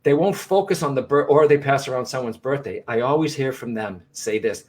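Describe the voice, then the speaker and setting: A man co-hosting a live broadcast conversation, his voice sitting at an ordinary middle pitch. He talks earnestly and reassuringly to his viewers, often circling back and restarting his sentences. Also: fairly quick, few pauses, darkish tone. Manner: frequent restarts and repeated phrases. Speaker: psychic medium and co-host.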